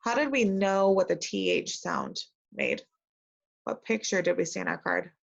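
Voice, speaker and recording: A woman teacher giving an early reading lesson to young children, reading sentences slowly and modelling how to sound out words. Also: fairly low pitch, wildly swooping pitch, creaky. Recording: dull lo-fi recording.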